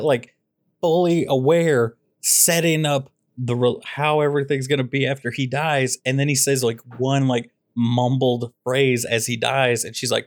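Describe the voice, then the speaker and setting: A man's voice: mid-range voice, fairly even intonation, measured pace, no room sound, clean studio sound. A man co-hosting a casual movie podcast, ranting with sarcasm about a show he disliked. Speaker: podcast co-host.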